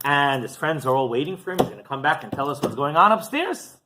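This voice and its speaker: A man, a rabbi, telling a story in a sermon in an animated, conversational way, often asking "right?". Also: on the high side, quick pace, background noise.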